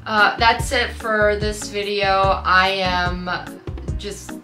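A woman's voice: medium pitch, steady tone, slow, echoey room, music in the background. A young woman vlogging casually as she unboxes gifts, playful, with squeals and giggles. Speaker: YouTuber.

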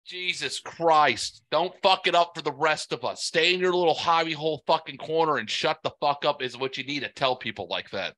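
A man's voice: a little high, a little fast, few pauses, sharp tone, dry recording. A man hosting a podcast, ranting angrily and cursing constantly in casual chat. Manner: profane angry ranting. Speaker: podcast host.

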